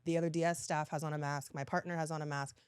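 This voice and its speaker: A woman in her thirties tells stories as a podcast guest, lively and quick to laugh. Her voice sits a little low for a woman. The sound is close and dry on a studio mic. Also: smooth, no room sound. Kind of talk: casual chat, animated storytelling.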